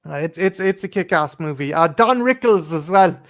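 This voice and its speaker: A man's voice: a little high, animated, moderate pace. A man co-hosting a casual movie chat, blunt and swearing freely. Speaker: co-host.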